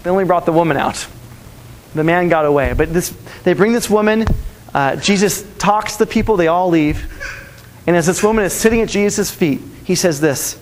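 A man's voice: sits high, normal speed, in a large hall, a little hiss or hum. A man preaching a sermon, earnestly telling stories and repeating his key lines. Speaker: pastor.

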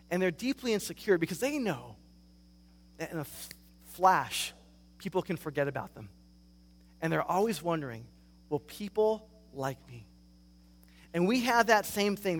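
A man preaching a sermon as pastor, telling stories in an animated way and acting out reactions. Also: high-pitched, in a large hall. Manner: animated storytelling, acts out reactions.

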